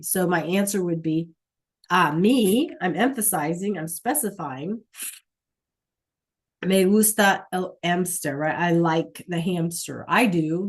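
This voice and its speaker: A woman's voice: lowish voice, a little mellow. A woman teaching a Spanish class online over a computer mic, patient, checking in often with "okay?" and "right?".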